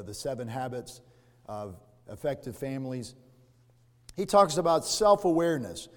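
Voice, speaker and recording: Preaching man in an echoing hall. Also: fairly high pitch. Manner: dynamic preaching, swings from loud emphatic to hushed. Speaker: pastor. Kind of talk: sermon. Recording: long reverb of a church hall.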